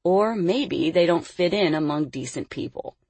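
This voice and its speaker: A woman reads the part of a slick, menacing male circus boss in a storybook reading, speaking low and husky. He talks smoothly and persuasively, with an edge of threat. The recording is close and dry. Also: expressive, unhurried, a little mellow, dry recording, full character voice. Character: scheming middle-aged male circus sideshow boss. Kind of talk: audiobook character voice.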